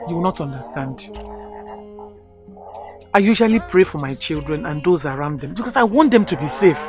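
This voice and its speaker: A woman's voice: deep voice, expressive, normal speed, darkish tone, soft background music. An actress from Nigeria playing a worried old village grandmother who speaks in an anxious, solemn way, with a Nigerian accent. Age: older.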